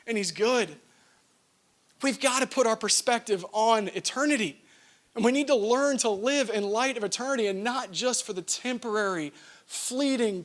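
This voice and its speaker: A man's voice: extremely high pitch, a bit bright. A man, preaching a sermon in a conversational storytelling manner with frequent asides. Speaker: pastor.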